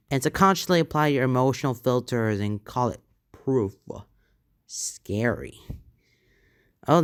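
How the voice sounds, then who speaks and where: A man with a smooth, resonant voice reads online posts aloud in an earnest tone, then breaks into loose, rambling reactions. His voice sits at a middle pitch, and the sound is close and dry. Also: dry recording. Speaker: channel host reading and reacting to online posts. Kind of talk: reading posts aloud with casual commentary.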